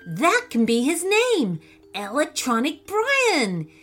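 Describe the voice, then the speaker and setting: A woman reading a storybook aloud, voicing an eager young boy who shouts his ideas. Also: high voice, very animated, slow pace, soft background music, pitched above the performer's own voice, full character voice. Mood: excited. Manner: eager, exclamatory. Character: excited young boy inventor.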